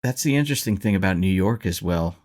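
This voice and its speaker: Man, low voice, podcast host, relaxed, hesitant phrasing. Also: fast talker. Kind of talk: casual interview.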